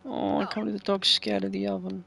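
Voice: medium pitch, level tone, fast, vocal fry, sharp tone, slight background noise. A gameplayer chatting casually over a life-sim game, swearing freely and talking to the game characters.

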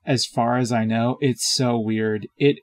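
A man's voice: medium pitch, steady tone, unhurried. A man co-hosting a podcast, chatting casually about films in a rambling, hesitant way with frequent chuckles. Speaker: podcast co-host. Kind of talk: casual movie chat.

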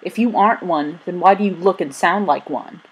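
A woman's voice: lowish voice, normal speed, breathy edge, low-quality recording. A woman reading the lines of a boy who bullies and taunts a newcomer, in a storybook reading. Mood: taunting. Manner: shouting, jeering. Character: bullying London boy, loud and taunting.

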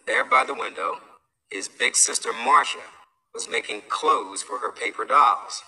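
Guy reading a kids' story out loud, bright gravelly voice, sounds a bit far from the mic. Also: mid-range voice, a little slow. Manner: lively, expressive read-aloud. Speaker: host, storyteller. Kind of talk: reading a children's story aloud.

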